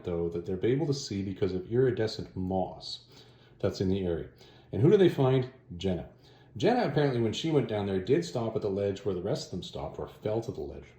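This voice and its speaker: A man casually recapping a comic book plot, loosely paraphrasing the characters with quick offhand asides. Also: lowish voice, dark tone, echoey room.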